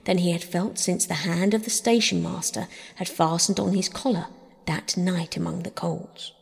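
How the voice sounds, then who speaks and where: A woman narrating a classic children's novel as a calm, gentle bedtime audiobook. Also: fairly low pitch, moderate pace. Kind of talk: calm scripted narration for sleep. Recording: breathy voice in long reverb.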